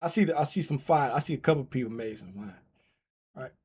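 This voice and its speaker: A man hosting a casual trading livestream, talking loosely and playfully straight to his chat, getting loud and excited as he calls a giveaway race. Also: mid-range voice, fast, slightly rough.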